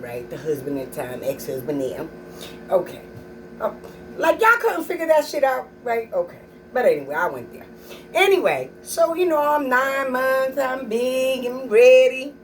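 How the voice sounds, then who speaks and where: A woman's voice: high-pitched, recorded from a distance, a little hiss or hum, poor audio. A middle-aged woman comedian telling stories about her kids in a sassy, blunt, profane way. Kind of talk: stand-up storytelling.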